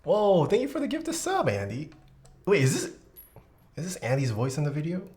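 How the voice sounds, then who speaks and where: A woman streamer chatting casually while building a keyboard, exclamatory and quick to laugh. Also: low voice. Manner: animated, exclamatory, laughs often. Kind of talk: casual live-stream chat.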